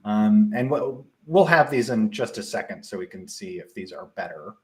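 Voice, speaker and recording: A young man with a Midwestern accent, casually presenting a live software tutorial with frequent ums and restarts. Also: lowish voice, expressive, normal speed. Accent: Midwestern American.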